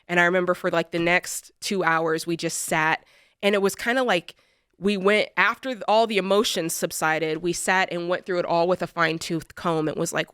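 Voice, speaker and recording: A woman co-hosting a money advice show, telling a personal story in an animated, emphatic way and repeating phrases for effect. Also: lowish voice, moderate pace, smooth, no echo, clean studio sound. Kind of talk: personal storytelling in studio conversation. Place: radio studio.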